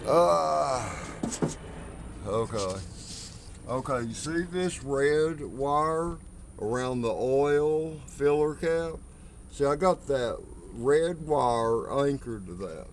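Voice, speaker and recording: Casual home mechanic, male, slow unhurried delivery, a bit winded, phone-recorded outdoors with faint background noise. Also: medium pitch, animated. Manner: slow, rambling, talks while working. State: out of breath. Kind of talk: casual how-to video. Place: outdoors by a truck engine.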